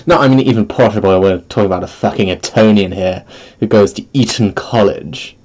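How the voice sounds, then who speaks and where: Close to his streaming mic, a vtuber streamer chats casually on a live stream, rambling, giggling and poking fun at himself. His voice is lowish and darkish, at normal speed, with lo-fi sound.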